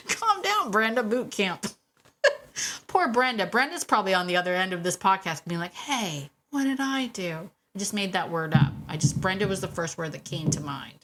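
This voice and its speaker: A woman hosting a solo podcast about dog training, chatty and warm, laughing often and repeating phrases for emphasis. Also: mid-range voice, a little hiss or hum. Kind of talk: casual solo podcast talk.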